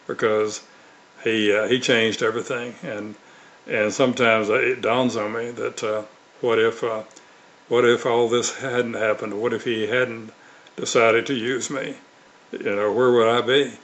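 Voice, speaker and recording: A man's voice: mid-range voice, level tone, unhurried, a bit bright, dull audio. An older man from Mississippi, telling stories in an interview as an author and evangelist. He speaks earnestly, with many fillers and restarts. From Mississippi, USA. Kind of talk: storytelling in an interview.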